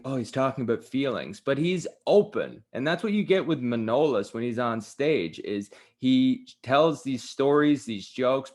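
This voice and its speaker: A male Canadian radio host chatting with a guest, earnest and enthusiastic, often turning to speak to the listeners. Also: mid-range voice. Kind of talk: radio interview chat. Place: radio studio.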